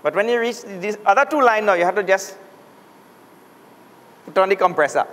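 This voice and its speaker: A man's voice: sits high, lively intonation, normal speed, fairly bright tone. A man teaching a class how to pronounce letters, saying each sound aloud for the students to repeat, patient and playful. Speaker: Sanskrit teacher. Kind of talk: classroom pronunciation lesson. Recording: long hall reverb, faint noise.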